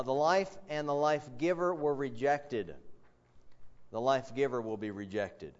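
A man preaching a sermon, earnest and emphatic, with frequent fillers and quick asides to the congregation. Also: medium pitch. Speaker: pastor. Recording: dull lo-fi sound.

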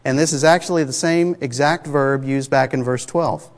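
A man's voice: mid-range voice, normal speed. Preacher guy, chatty and emphatic, tosses questions at the crowd, voice rings out with long hall reverb. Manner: conversational, emphatic, asks the congregation rhetorical questions. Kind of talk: sermon.

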